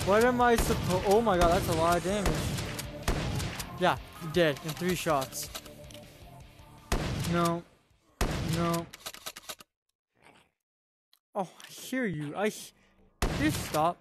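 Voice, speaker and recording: A man giving casual VR gameplay commentary, excitable, swinging between yelling at enemies and muttering to himself. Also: sits high, slow, pauses often, over music. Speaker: gaming channel host.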